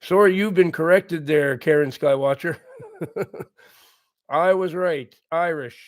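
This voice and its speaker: A man hosting a live stream speaks slowly, his voice on the high side, as he reads viewer comments and answers them. He is earnest and casual, repeats himself, and chuckles often.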